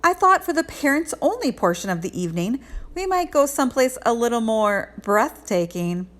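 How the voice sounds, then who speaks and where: A theatrical teacher dressed as a bat, played by a woman reading a storybook, purring in a put-on Transylvanian accent. She stretches her words out slowly for drama. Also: fairly high pitch, big pitch swings, voice pushed up. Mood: grand. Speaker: teacher figure. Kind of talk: children's storybook read-aloud.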